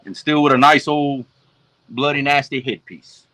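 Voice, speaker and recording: A man's voice: medium pitch, steady tone, normal speed, fairly bright tone. A man from Louisiana with a Southern accent, hosting a casual fishing livestream and talking viewers through each step in a folksy way. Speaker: fishing show host.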